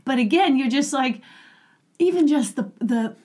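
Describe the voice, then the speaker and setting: Playful woman with a higher voice. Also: animated, a little mellow. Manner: playful, quick jokes and silly voices. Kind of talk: casual chat.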